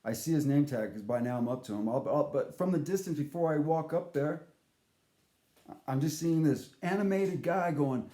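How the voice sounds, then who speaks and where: A man telling a story in a casual monologue, animated and profane, acting out the voices he quotes. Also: fairly high pitch, moderate pace, roomy sound.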